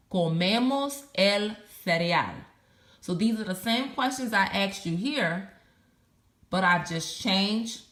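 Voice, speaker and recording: Slow, patient woman teaching Spanish. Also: medium pitch, reverberant. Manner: slow, patient, spells out endings letter by letter. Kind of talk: recorded language lesson.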